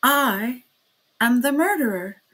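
A pale young male workman from an audiobook, short of breath and blunt, as a woman reader voices him. His declarations come fairly loud, in a voice pitched a little high. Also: animated, slow pace, breathy edge, heavily acted. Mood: desperate.

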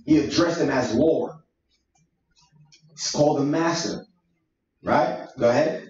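A man's voice: fairly high pitch, measured pace, darkish tone. A man leading a Bible study, preaching emphatically in a conversational way with street slang. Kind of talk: sermon-style Bible teaching. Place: church meeting room. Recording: echoey room, distant mic, dull sound.

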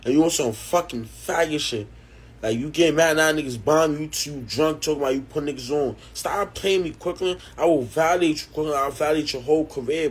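A man's voice: on the high side, husky. A man with a New York accent ranting angrily on a livestream, repeating threats and insults at another rapper. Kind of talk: heated livestream rant.

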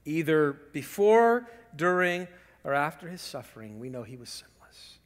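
A man preaching a sermon as pastor, swinging from loud emphasis to hushed whispers and telling lively stories with rhetorical questions. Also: a little high, normal speed, big-room sound. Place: church sanctuary.

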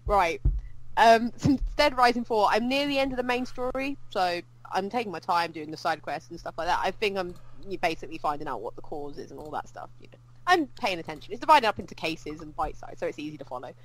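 A woman co-hosting a podcast, chatting casually and rambling about games with quick asides. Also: fairly low pitch, lively intonation, poor audio. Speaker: podcast co-host. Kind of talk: casual gaming chat.

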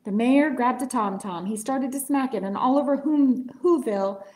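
A woman reading a picture book aloud at story time in a library, playful and animated. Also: high-pitched, normal speed. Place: library room. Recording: echoey library room.

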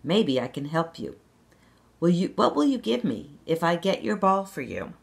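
Lady reading aloud, doing a little storybook frog, earnest and begging, voice pushed up higher than her own. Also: big pitch swings, normal speed, gravelly. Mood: bargaining. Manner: earnest, bargaining. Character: small ugly pleading male frog. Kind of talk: children's read-aloud.

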